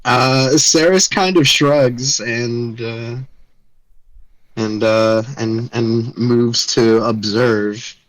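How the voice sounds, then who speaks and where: A man's voice: medium pitch, steady tone, very slow, poor audio. A man playing a tabletop game who describes his character's actions in third person. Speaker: player.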